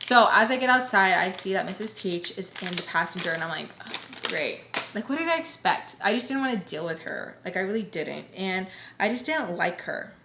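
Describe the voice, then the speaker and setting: A young woman vlogger tells a personal storytime in a chatty, casual manner, dropping "like" constantly. Her medium-pitched voice has lively intonation and a brisk pace with hardly any pauses. The recording has roomy echo and a faint hiss.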